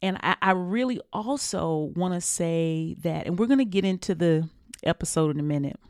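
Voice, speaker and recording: A woman's voice: fairly low pitch, normal speed, darkish tone, dry recording, studio quality. A woman, hosting her own podcast in an earnest, emotional, encouraging way, casual and full of slang. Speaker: podcast host. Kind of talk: heartfelt solo podcast talk.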